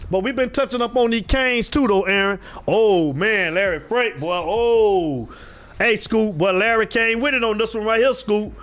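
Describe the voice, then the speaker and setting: A man's voice: very high voice, a bit bright. A man hosting a casual live stream about football, calling out viewers by name and repeating himself in a loose, drawling way. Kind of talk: casual live sports talk.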